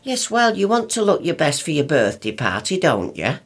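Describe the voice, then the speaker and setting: A woman's voice: deep voice, very animated, moderate pace, slightly rough, full character voice. An actress playing a bustling, nagging working-class mother with a northern English accent in a radio play. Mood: fussing. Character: fussing, practical northern working-class mum.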